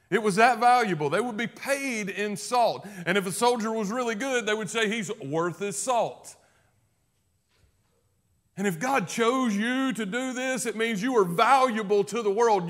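Emphatic pastor, high-pitched man. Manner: emphatic, swings from loud declarations to hushed low passages. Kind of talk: sermon.

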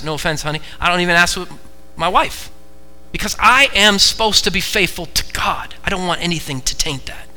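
A man from the United States delivers a church sermon in a high, piercingly bright voice. He hammers key phrases again and again and swings between quiet urging and fervent calls. He speaks to a congregation in a church. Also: rough recording. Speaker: pastor.

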